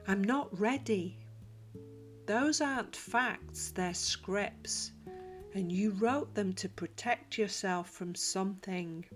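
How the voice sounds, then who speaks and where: A woman narrating a scripted motivational self-help talk, slow, deliberate and reflective. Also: mid-range voice. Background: soft guitar music.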